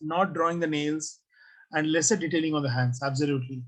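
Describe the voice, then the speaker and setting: Husky teacher reviewing student work online. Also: mid-range voice, steady tone, fairly quick, low-quality recording. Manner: asks the class questions and reads out student comments. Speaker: design teacher.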